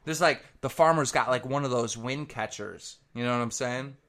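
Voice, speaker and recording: Bright-voiced man telling a profane story. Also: medium pitch, normal speed. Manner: rambling, profane, animated. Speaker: commentator.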